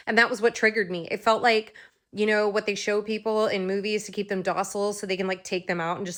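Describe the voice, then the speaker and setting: A woman's voice: medium pitch, steady tone, a little fast, a bit bright. A woman telling her own story straight to her followers in a personal, emotional way, acting out what people said and repeating key phrases. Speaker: vlogger.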